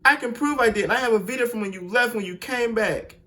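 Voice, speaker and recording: A man voicing a boyfriend who pleads loudly through a door and then defends himself. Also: extremely high pitch, a little fast, noisy background, voice pushed up. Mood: defensive.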